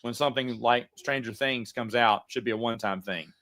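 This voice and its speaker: A man's voice: medium pitch, fairly even intonation, fairly quick, fairly bright tone. A man hosting a casual livestream, answering viewer chats in a rambling way with frequent stammers and restarts.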